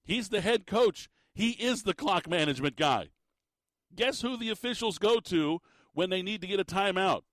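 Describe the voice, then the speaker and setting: A man's voice: sits high, fairly bright tone, no room sound, studio quality. Exasperated man ranting about football. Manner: exasperated, emphatic, rhetorical questions. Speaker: sports commentator. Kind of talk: ranting sports commentary.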